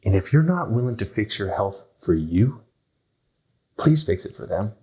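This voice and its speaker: On a low-quality recording, a male health podcast host with a lowish, dark-toned voice speaks at normal speed but very animatedly. His motivational talk is blunt and emphatic, and he frequently performs the voices of people he quotes.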